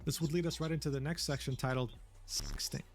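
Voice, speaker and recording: A man giving scripted narration for a commentary video, reading text in a steady, even way. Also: a little high, fast, very noisy.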